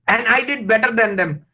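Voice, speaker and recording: A man giving an emotional, rhetorical motivational talk full of halting restarts. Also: very high voice, sharp tone, slightly rough, poor audio. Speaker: invited speaker.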